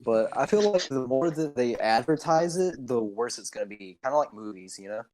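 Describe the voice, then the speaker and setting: A man's voice: mid-range voice, lively intonation, fairly quick, a little mellow. A teenage boy co-hosting a casual podcast, blunt and joking. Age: teens. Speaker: podcast co-host. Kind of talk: casual chat.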